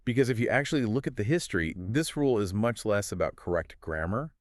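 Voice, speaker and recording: Deep-voiced man, wry podcast co-host. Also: animated, no echo, clean studio sound. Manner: measured, explanatory, wry. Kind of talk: scripted conversational podcast.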